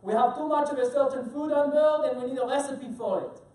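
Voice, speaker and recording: Brash French pastry chef, put on by a man, over-the-top accent, loud and showy, in an echoey hall. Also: very high-pitched, fairly quick, far from the mic. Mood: boastful. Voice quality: exaggerated bad French accent. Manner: loud, theatrical, self-mocking.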